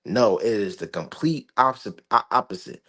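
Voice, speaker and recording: A man's voice: fairly low pitch, lively intonation, normal speed, a bit bright. A man giving an informal Bible commentary, emphatic and swearing freely, stumbling through repeated restarts. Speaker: street preacher.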